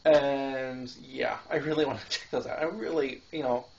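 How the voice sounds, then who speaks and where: A man's voice: medium pitch, steady tone, moderate pace, gravelly, a little mellow. A man hosting a casual film-review show, rambling with lots of fillers and restarts and laughing between thoughts. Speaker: podcast host reviewing films. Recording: dull lo-fi home recording.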